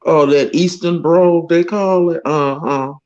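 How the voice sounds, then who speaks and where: A woman's voice: deep voice, fairly even intonation, measured pace, a little mellow, dull audio. A woman from Georgia with a Southern accent, chatting easygoingly and murmuring agreement. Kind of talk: casual group chat.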